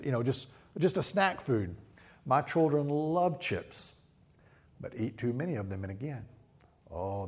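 A middle-aged man preaching a sermon, telling stories and acting out quotes with lively voices. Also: mid-range voice. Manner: storytelling with animated acted-out quotes. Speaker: pastor.

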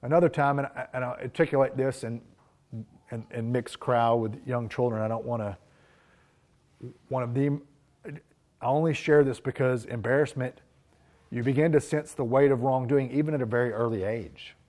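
A man's voice: mid-range voice, fairly even intonation, moderate pace, long pauses, darkish tone. A man preaching a sermon, telling personal stories in an earnest, reflective way. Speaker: pastor.

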